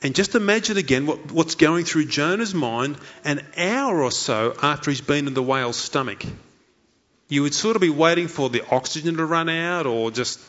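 A man's voice: a little high, expressive, moderate pace, a bit bright, muffled recording. A man preaching a sermon in an earnest way, asking many rhetorical questions and voicing the thoughts of a story figure. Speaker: pastor.

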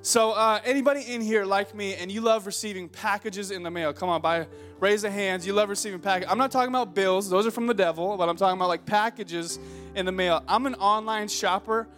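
Young man, preacher, high voice, comic storytelling, live church sound, faint music. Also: a little fast, a bit bright. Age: young adult. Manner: joking storyteller who builds into earnest exhortation. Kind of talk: humorous sermon. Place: church auditorium before a congregation.

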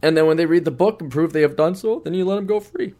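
A man hosting a podcast in a rambling, casual monologue, swearing freely and acting out quick voices as he talks. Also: on the high side. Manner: rambling, profane, animated, acts out voices. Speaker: podcast host. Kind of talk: casual monologue plugging books.

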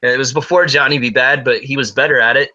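Male podcast co-host, very bright tone, crude joking banter. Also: medium pitch, fairly even intonation, fast, lo-fi sound. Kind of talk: casual chat.

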